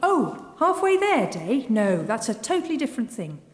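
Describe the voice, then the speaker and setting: An actress playing a chirpy female announcer who teases the listener in a bright, sing-song manner, in a comic radio sketch. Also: fairly high pitch, big pitch swings, moderate pace. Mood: teasing. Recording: echoey hall with loud background noise.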